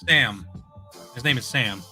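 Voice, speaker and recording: A young man hosting a casual late-night livestream chat, excitable and affectionate, full of slang and repeated exclamations. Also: medium pitch, unhurried, soft background music. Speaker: livestream host.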